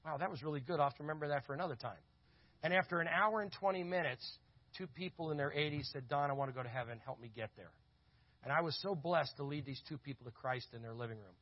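A man telling a lively story in a sermon, acting out the voices of the people in it. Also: fairly high pitch, dry recording. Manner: animated, acts out quoted voices. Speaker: conference speaker. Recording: dull lo-fi audio.

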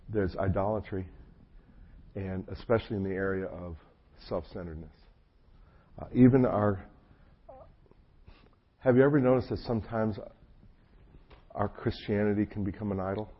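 On muffled lo-fi audio with a faint hum, a low-voiced man from New Jersey preaches at normal speed, with a breathy edge and long pauses. He's a pastor giving a conversational sermon, telling folksy, self-deprecating stories with many asides and a frog in his throat.

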